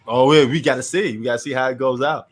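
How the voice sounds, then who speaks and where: A man's voice: mid-range voice, steady tone, fast. A man from New York hosting a casual sports chat, ranting bluntly and opinionatedly in slangy talk.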